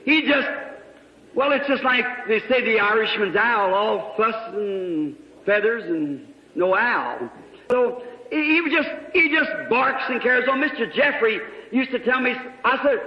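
A man preaching a sermon, telling a story with his voice swinging from hushed asides to sudden shouts. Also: extremely high pitch, lively intonation, normal speed. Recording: echoey hall, muffled old recording.

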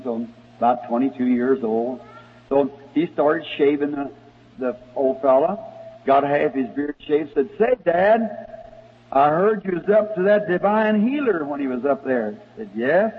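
A man preaching a sermon, telling a story in a folksy way and rising to excited shouts at times. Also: a little high, breathy edge. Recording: tinny lo-fi old sermon recording in a reverberant hall.

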